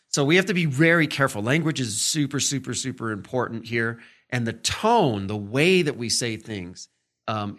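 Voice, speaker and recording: A man hosting a podcast, talking casually as he teaches. He keeps checking in with "right?" and "okay?" and slips into short acted-out examples to show different tones. His pitch sits in the middle for a man. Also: fairly bright tone. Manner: conversational, full of fillers and "right?" check-ins. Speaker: podcast host.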